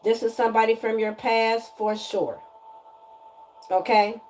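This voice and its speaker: Woman doing a spiritual reading, loud and emphatic, high-ish voice, repeats herself a lot. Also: a little slow, a little hiss or hum. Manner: animated, breaks into singing, emphatic and preachy; casual slang, repeats lines for emphasis. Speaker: spiritual energy reader. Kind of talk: casual tarot-style reading to viewers.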